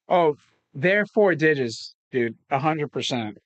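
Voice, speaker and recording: A man's voice: on the high side, expressive, slow, long pauses, no echo. A man hosting a casual unboxing chat, rambling and swearing casually as he talks. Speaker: toy collector host.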